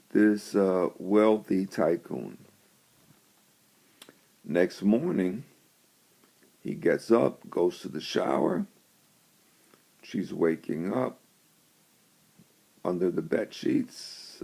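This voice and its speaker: A man telling a story and then preaching on scripture, in a slow and deliberate way. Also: fairly low pitch, vocal fry, mellow. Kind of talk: storytelling devotional.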